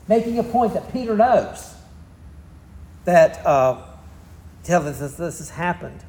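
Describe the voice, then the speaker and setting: A man's voice: high-pitched, expressive, unhurried, long pauses, a little mellow, reverberant. A man with a Southern US accent preaching a sermon, telling the story in a folksy, easygoing way. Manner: folksy storytelling, drawling asides. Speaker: pastor.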